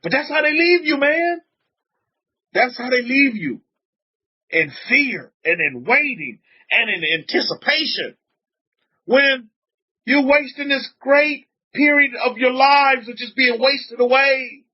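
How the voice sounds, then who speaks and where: A man's voice: expressive, measured pace. A man, a rabbi, preaching emphatically on a livestream, reading out chat comments and repeating his points. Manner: emphatic, repetitive preaching with frequent pitch swings. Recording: dull lo-fi audio.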